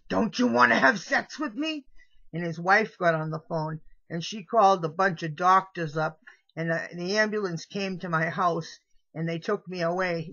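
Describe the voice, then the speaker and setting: A middle-aged vlogger speaks straight to camera in a meandering, confessional monologue that keeps trailing off and restarting. Her voice is lowish and fairly bright, and the home video audio is dull and lo-fi.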